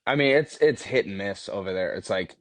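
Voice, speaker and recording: A man with a fairly low voice telling a story in a casual, profane way, often laughing mid-sentence. He was recorded dry and close in a podcast studio. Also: fairly quick, a bit bright, dry recording. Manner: swears freely, laughs through his stories. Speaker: podcast guest.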